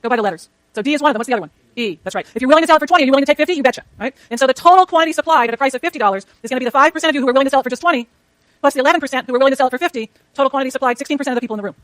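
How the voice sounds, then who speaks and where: Woman prof racing thru an econ lecture, high pitched, chatty asides to herself. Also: a bit bright, no echo. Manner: rapid, chatty, self-talk while working slides. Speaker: economics lecturer. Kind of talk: university lecture with clicker questions. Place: lecture hall.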